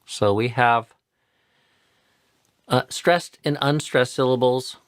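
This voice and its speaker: The teacher here is a man whose mid-range voice comes across clean, in a dry, studio-quality recording. Running a live chanting tutorial, he explains with patience and repeats words slowly to show how they should sound.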